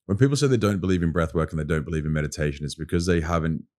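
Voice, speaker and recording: A man's voice: rumbling low, very fast, a little mellow. A man with an Australian accent, talking as a podcast guest in casual conversation, earnest and emphatic, often repeating his points.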